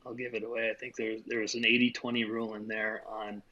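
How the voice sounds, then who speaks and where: A man's voice: on the low side, flat delivery, fast, sharp tone, dull audio. A man co-hosting a podcast in casual chat, thinking aloud in a loose, reflective way with many fillers. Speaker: podcast co-host.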